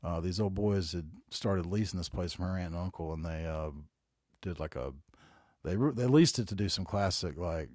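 Brief: very low-voiced Southern man in his forties, loose profane podcast monologue, dry close mic. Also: normal speed, a little mellow, no room sound. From North Carolina. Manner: rambling, profane, laid-back storytelling. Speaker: podcast host. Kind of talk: casual solo podcast monologue.

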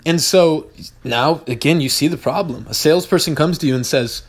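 A man's voice: fairly high pitch, moderate pace, breathy edge. A man hosting a podcast, talking through business lessons in a blunt, profane, casual way and repeating points for emphasis. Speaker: podcast host, business owner.

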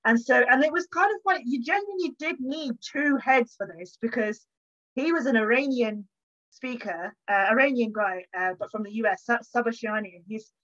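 A woman historian speaks from her home with a fairly high voice, animated and chatty as she tells stories. She acts out the little exchanges she describes. The audio is dull and lo-fi. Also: moderate pace. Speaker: historian guest. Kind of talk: conversational interview. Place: home, bookshelf behind her.

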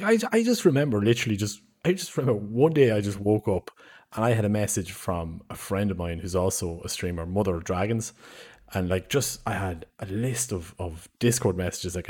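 A man hosts a relaxed podcast with a slightly low voice. He is talkative and easygoing, dropping swear words and laughing as he tells stories. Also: normal speed, breathy edge. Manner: chatty, swears freely, laughs often. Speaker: podcast host and streamer. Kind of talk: casual podcast chat.

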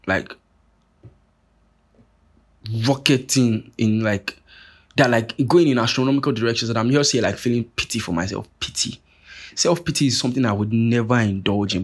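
Young male podcast host, husky mid-range voice, loose profane solo rant. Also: mid-range voice. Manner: profane, animated, rambling with many restarts. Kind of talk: casual monologue rant.

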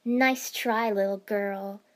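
A woman reading the lines of a cocky young female ninja, loud and mocking. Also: on the high side, steady tone, normal speed, close to an everyday voice. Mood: taunting.

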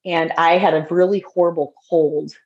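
A middle-aged woman tells her faith story as a podcast guest, earnest and heartfelt, often circling back to restart her sentences. Her voice sits low and carries a gravelly fry. The audio is dull and lo-fi. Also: steady tone, moderate pace. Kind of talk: personal faith story in conversation.

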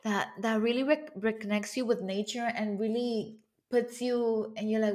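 A woman's voice: fairly high pitch, fairly even intonation, moderate pace. A woman hosting a podcast in casual conversation, chatty and mixing in Spanish words. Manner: chatty, warm-hearted, mixes in Spanish words. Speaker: podcast host.

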